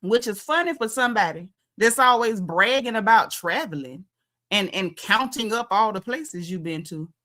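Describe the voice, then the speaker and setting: Bright-voiced woman giving an animated recap. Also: mid-range voice, moderate pace. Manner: animated, conversational, talks straight to viewers. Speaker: reality TV recap vlogger. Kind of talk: casual reality-show recap commentary.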